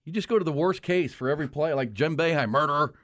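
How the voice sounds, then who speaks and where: A man hosting a casual sports talk show, conversational and lively when promoting segments. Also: on the high side, quick pace, dry recording, clean studio sound. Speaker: sports radio host.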